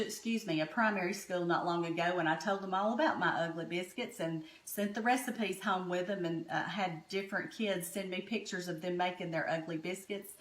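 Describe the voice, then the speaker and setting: Middle-aged Southern woman, home cook host, folksy storytelling, roomy kitchen sound. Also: fairly low pitch. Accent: Southern American. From Southern United States. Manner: homey, chatty, warm-hearted storytelling. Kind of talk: folksy cooking chat. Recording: echoey kitchen room.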